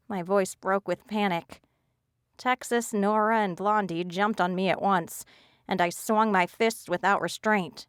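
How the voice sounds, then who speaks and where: A woman narrating a fantasy audiobook in a measured storytelling manner. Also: mid-range voice, steady tone, smooth, dry recording, studio quality. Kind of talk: scripted narration.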